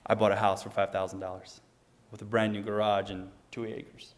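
A man's voice: lowish voice, level tone, a little fast. A young man from Ukraine, telling a personal testimony in an earnest, casual way and acting out the dialogue. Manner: earnest, frequent restarts, acts out quoted dialogue. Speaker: storyteller giving testimony.

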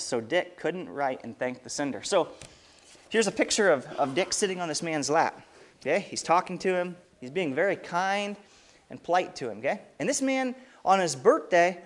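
Animated guy telling kids a story, voice bouncing all over, keeps asking them stuff. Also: high-pitched. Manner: lively, asks the kids questions. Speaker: children's storyteller. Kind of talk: reading a story to children.

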